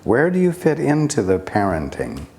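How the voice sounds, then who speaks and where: A man giving a spiritual teaching talk, speaking deliberately with long pauses and rhetorical questions. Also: on the low side, huge pitch swings, mellow, slight background noise.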